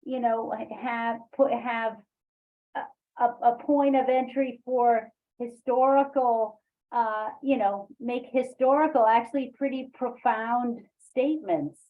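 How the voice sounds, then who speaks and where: A woman leading a poetry workshop, talking haltingly with many fillers and restarts. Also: a little high, phone-quality sound. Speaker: workshop leader. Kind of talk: online poetry workshop discussion.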